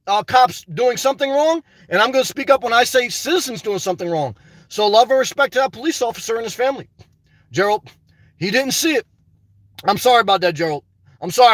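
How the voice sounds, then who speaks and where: A man's voice: very high-pitched, fairly bright tone, no echo. An older man hosting a casual live stream, reading viewer comments aloud and answering them by name in a blunt, unfiltered way, swearing freely.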